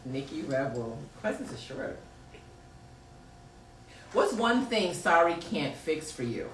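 A woman with a low, very animated voice speaks slowly while hosting a podcast, reading live chat comments aloud and laughing and teasing in loose slang. It's casual chat, recorded on a distant mic in a roomy, echoing space with faint noise.

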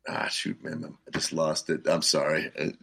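An older man, a musician guest, telling rambling stories in casual talk, full of "you know" and quick laughs. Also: extremely low pitch, big pitch swings, vocal fry, fairly bright tone, no echo. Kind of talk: casual storytelling.

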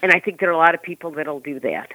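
A man's voice: on the high side, animated, quick pace, pushed and bright, dry recording. A man co-hosting a talk show, giving emphatic opinions in casual chat over a phone line.

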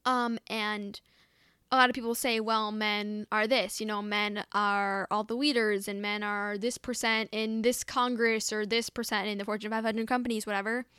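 A woman's voice: medium pitch, little pitch movement, moderate pace, sharp tone, smooth, no room sound, clean studio sound. A young woman hosting a podcast, reading posts aloud with sarcastic, exasperated commentary and frequent restarts. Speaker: podcast host.

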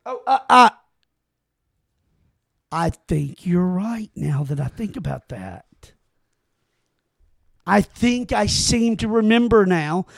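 Gravelly high-voiced man, podcast chat. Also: animated, a little mellow, no room sound, studio quality. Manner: reads aloud haltingly with restarts and exclamations. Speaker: podcast co-host.

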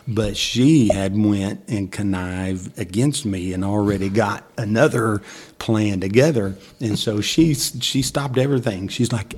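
A husky man telling folksy church stories, laughing often. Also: fairly low pitch, a little slow, a little mellow. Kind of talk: casual storytelling.

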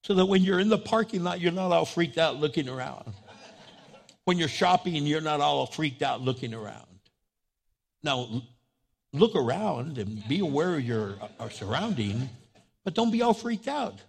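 Fervent, gravelly-voiced male pastor. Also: fairly high pitch, lively intonation, normal speed. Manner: fervent, repetitive exhortation. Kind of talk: sermon.

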